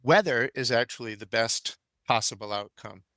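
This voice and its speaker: A man's voice: mid-range voice, normal speed, pushed and bright, dry recording. Opinionated older male gardening expert. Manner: thoughtful, opinionated. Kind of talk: casual conversation.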